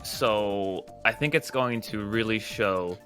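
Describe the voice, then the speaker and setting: Man, lower voice with bright edge, dry jokes, casual stream chat, faint music. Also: slow. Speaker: stream co-host.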